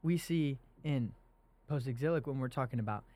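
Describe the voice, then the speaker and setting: A man's voice: medium pitch, moderate pace, mellow. A young man hosting a casual faith podcast, talking earnestly and animatedly about scripture. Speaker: podcast host.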